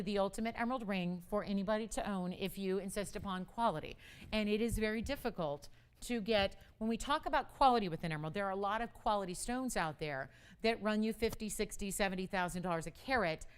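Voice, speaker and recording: Smooth-voiced woman hosting live jewelry sales. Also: medium pitch, fairly quick. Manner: chatty, upbeat, talks straight to viewers. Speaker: jewelry shopping host. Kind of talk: live televised sales pitch. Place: television studio.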